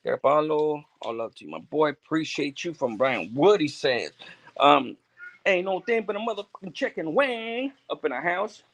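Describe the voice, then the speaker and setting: A man's voice: fairly high pitch, lively intonation, normal speed, a bit bright, dry recording, poor audio. A man, chatting casually on a livestream as he reads and answers viewer comments, laid-back and full of slang and fillers. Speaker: YouTuber reading live chat.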